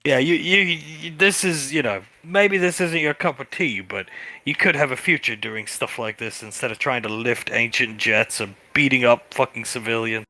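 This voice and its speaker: A man's voice: medium pitch, pushed and bright, dry recording. A young man playing a tabletop role-play game, chatting playfully in and out of character. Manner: playful, quick asides and laughing. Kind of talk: casual role-play chat and in-character talk.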